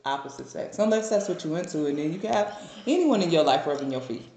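A woman, co-hosting a podcast and telling a lively story with plenty of laughter. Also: sits low, fast talker, a little hiss or hum. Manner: animated storytelling, laughs often. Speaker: podcast co-host. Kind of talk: casual chat. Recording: echoey room.

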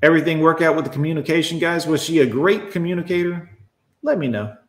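A man rants at his chat in sarcastic, profane bursts as he reacts to posts on a livestream. His voice sits a little high. The room gives it a noticeable echo. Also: fast talker. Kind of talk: ranting live commentary.

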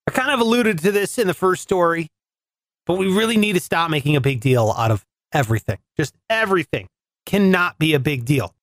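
A man's voice: a little high, expressive, brisk, fairly bright tone, dry recording, clean studio sound. A man hosting a podcast, telling a comedic story in a chatty, sarcastic way. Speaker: podcast host.

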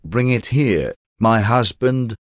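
A man's voice: mid-range voice, expressive, takes it slowly, no room sound, studio quality. A man reading a frightened young wife. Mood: frightened pleading.

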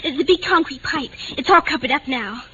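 A bright, eager young daughter. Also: female voice, high voice, expressive, moderate pace. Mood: insistent. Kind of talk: 1950s radio drama acting. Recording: dull old radio broadcast with faint hiss.

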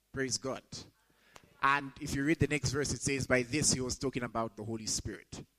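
A young adult man preaching a sermon to students, rising sharply in pitch when he quotes scripture. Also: moderate pace, fairly bright tone, rough recording. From Zambia. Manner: emphatic, rises sharply when quoting scripture.

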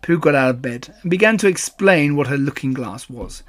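A man narrating a children's storybook with calm, even storytelling. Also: medium pitch, normal speed.

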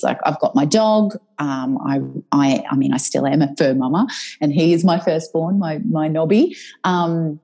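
Woman, 30s, guest, candid storytelling, emotional, low voice, husky. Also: normal speed, low-quality recording. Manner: emotional, animated, swears freely.

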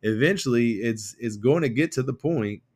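A man co-hosting a political podcast, rambling and animated as he retells stories with quoted voices. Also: medium pitch, normal speed. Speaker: podcast co-host. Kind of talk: casual political chat.

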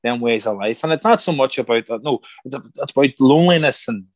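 A middle-aged man, a former boxer turned actor, telling stories in a casual interview, animated and acting out quoted voices. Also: mid-range voice, fast, no echo. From Ireland. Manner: animated, acts out quoted voices, repeats words. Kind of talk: casual conversational storytelling.

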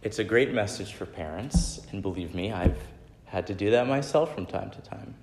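A man's voice: on the low side, animated, moderate pace, darkish tone, a little hiss or hum. A man in his thirties giving a sermon, telling personal stories in a conversational way and often adding "right?". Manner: conversational, frequent "right?" tag questions. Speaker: pastor. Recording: echoey hall with long reverb.

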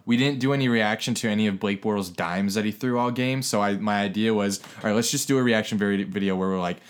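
Excitable man recounting a game day. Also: fast talker, smooth. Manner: excitable, rising into higher pitch when worked up. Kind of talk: casual storytelling chat.

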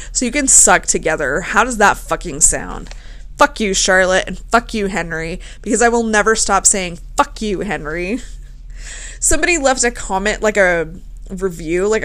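Profane, animated woman telling a story. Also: medium pitch. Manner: profane, animated, laughing often. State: tipsy. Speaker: podcast host. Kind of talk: casual storytelling podcast.

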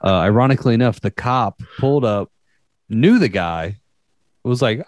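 A man's voice: medium pitch, animated, normal speed, darkish tone, dry recording, clean studio sound. A young man telling a story in casual chat, rambling and profane, with many fillers.

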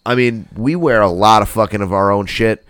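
A man's voice: fairly low pitch, a little fast, fairly bright tone, clear, resonant tone, dry recording, clean studio sound. A man hosting a podcast in casual banter, laid-back and heavy on profanity. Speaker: podcast host.

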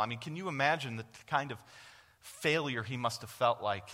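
Speaking as a guest at a church, a man with a medium-pitched, fairly quick and slightly bright voice preaches earnestly, asking the congregation questions and then answering them himself. His voice carries the big-room sound of the sanctuary.

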